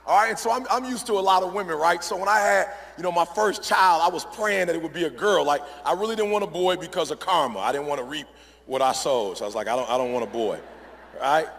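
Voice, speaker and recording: A man delivering an emphatic motivational speech, his voice high and gravelly. He repeats himself for effect and keeps checking in with the crowd. The sound rings through a large, reverberant hall. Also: quick pace, a bit bright. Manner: emphatic, repetitive, addresses crowd often. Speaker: motivational speaker. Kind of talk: motivational speech to a live audience.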